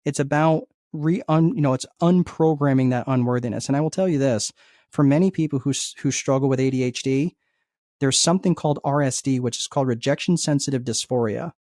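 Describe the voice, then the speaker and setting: Male guest coach, mid-range voice, lively explainer who acts out inner dialogue, dry room. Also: mid-range voice, fairly quick, no echo. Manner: energetic, acts out inner dialogue, frequent "right?" checks. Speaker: guest life coach and entrepreneur. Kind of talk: conversational teaching.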